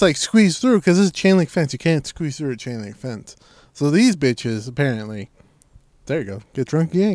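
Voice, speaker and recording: A young man tells a rambling story in casual chat, full of swearing and quoted exchanges he acts out. His voice sits a bit high, and the recording is dry and close. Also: no echo. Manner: profane, animated storytelling, voices quoted people.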